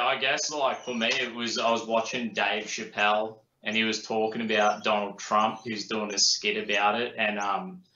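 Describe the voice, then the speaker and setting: A young man from New Zealand with a broad Australian accent talks easily as a guest. His voice sits a little low with a bright edge, and the drawn-out, filler-heavy delivery comes through a dull, roomy remote line. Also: a little hiss or hum. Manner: laid-back, rambling, lots of fillers. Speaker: guest YouTuber. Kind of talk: casual interview chat. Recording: echoey, muffled remote call audio.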